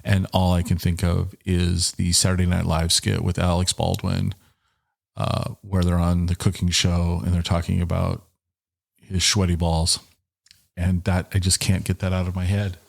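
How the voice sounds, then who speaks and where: A middle-aged man from Washington State hosts a casual podcast from a small office, rambling, joking and restarting into a headset and studio mic. His voice is low with vocal fry, and his delivery stays completely flat at a moderate pace. He keeps interrupting himself.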